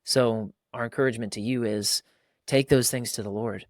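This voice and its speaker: A man in his thirties talks through parenting from a Christian angle in a casual chat. He is animated and often slips into quick acted-out voices of fathers and kids. His voice sits at a middle pitch, recorded close and dry. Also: dry recording. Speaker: podcast co-host.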